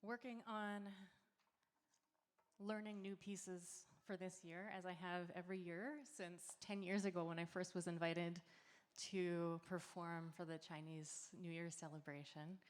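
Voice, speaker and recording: A woman performer talking casually to an audience at a community celebration, relaxed and friendly, with many filler words. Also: lowish voice, a little slow, clean tone. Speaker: singer and performer. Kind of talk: chatty stage introduction to an audience. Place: large hall at a community celebration. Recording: live hall sound with long reverb.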